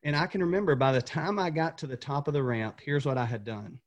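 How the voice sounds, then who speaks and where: A man's voice: a little high, quick pace, muffled recording. A man from Tennessee, a former coach, telling an earnest motivational story as a podcast guest, repeating words when fired up.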